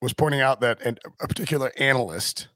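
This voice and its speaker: A man's voice: medium pitch, quick pace, a bit bright, no echo. A man hosting a casual sports podcast, rambling through his points with restarts and fillers. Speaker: podcast host.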